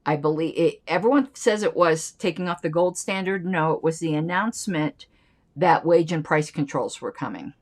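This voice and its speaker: A woman's voice: sits low, moderate pace, darkish tone. A woman hosting a political commentary channel, reading an old newsletter aloud and breaking off into chatty, playful side remarks.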